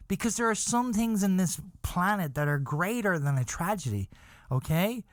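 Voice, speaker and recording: A man hosting a comedy podcast, telling a crude mock-serious story in a rambling way and breaking into high wailing cries. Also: big pitch swings, moderate pace, no echo, clean studio sound. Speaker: podcast host.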